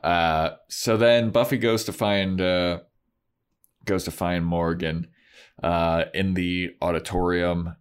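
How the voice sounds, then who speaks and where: A man's voice: low voice, fairly even intonation, slow pace, clean tone. A man co-hosting a podcast, casually recapping a TV episode and acting out characters' lines. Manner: retells scenes, acting out lines. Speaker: podcast co-host.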